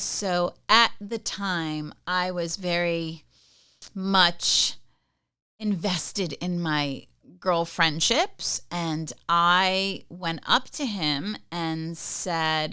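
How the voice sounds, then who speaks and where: A middle-aged woman hosts a podcast in a bright, crisp voice pitched a little low. She chats casually through personal stories and keeps checking in with the listener. The recording is dry and close. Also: no echo. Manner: chatty, tells anecdotes, often checks in with "okay?". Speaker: podcast host. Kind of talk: casual advice monologue.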